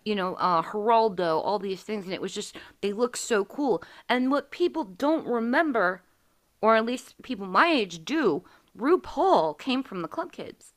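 A woman's voice: mid-range voice, expressive, unhurried. Candid, swearing woman in her forties. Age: 40s. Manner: candid, profane storytelling with acted quotes. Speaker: podcast host. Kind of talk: casual chat.

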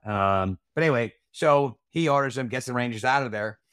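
A man's voice: medium pitch, a little fast, a bit bright, clear, resonant tone, no room sound, studio quality. A man recounting a night from his Army days as an interview guest, blunt, profane and heated. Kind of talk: casual storytelling interview.

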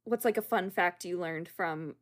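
Speaking slowly in a voice on the low side, a young woman co-hosts a podcast. It's casual, rambling chat, and she's giggly and often bursts into laughter.

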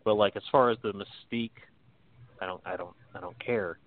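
A man's voice: fairly low pitch, steady tone, fairly quick. A man chatting casually and bluntly, swearing freely and laughing often as he argues his opinions. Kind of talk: casual chat. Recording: tinny phone-like sound.

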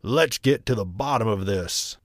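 A man voicing a big, gruff daddy bear in a bedtime storybook, growling his lines. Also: fairly low pitch, lively intonation, measured pace, fairly bright tone, dry recording, clean studio sound. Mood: annoyed.

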